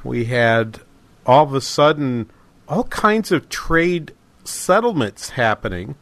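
A man's voice: medium pitch, animated, slow pace, a bit bright, dry recording. A middle-aged man hosting a talk radio show, speaking casually with many fillers, restarts and false starts.

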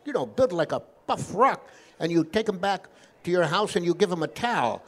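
A man doing a matter-of-fact old rabbi with a thick Yiddish accent, pitched up a bit above his own voice, lilting and sure of himself as he hands out odd advice. A sing-song joke voice. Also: very animated, fairly quick. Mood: instructive.

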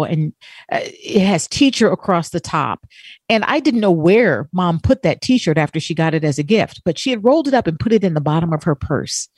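Woman co-host, lowish voice, dry close mic, heartfelt storyteller who drops to soft quoted voices. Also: dry recording. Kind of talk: emotional personal story, casual chat.

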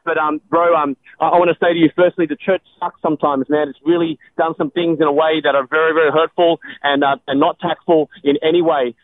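A man, a guest on a call-in radio show, speaking earnestly with many halting restarts. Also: on the high side, level tone, narrow, tinny audio, a little hiss or hum. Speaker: radio guest answering callers.

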